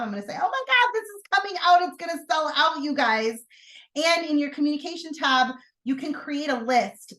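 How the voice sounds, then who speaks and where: A woman leading a sales team training, talking in an energetic, chatty way with sudden excited outbursts. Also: a little high. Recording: roomy echo.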